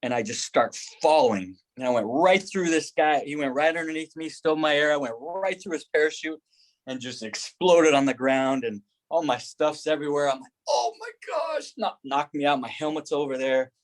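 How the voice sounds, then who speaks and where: A middle-aged man telling military stories on a podcast, laughing often and acting out quotes in a higher voice. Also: brisk. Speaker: podcast guest, former Army Ranger. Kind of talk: casual storytelling.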